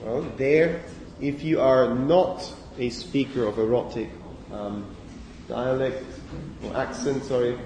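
A man's voice: medium pitch, steady tone, slow pace, darkish tone, slight background noise. A man giving a university phonetics lecture, explaining step by step and checking in with students with frequent "okay"s. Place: large lecture hall. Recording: echoey lecture hall from a distance.

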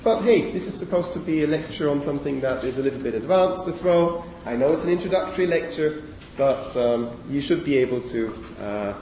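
A male lecturer talks through phonetics in a large lecture hall, picked up from a distance with a long, roomy echo. His voice is dark and mellow and sits a little high for a man. He explains patiently and keeps checking in with the class. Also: animated, a little fast, hardly any pauses, a little hiss or hum. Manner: explanatory, addresses students with frequent okays.

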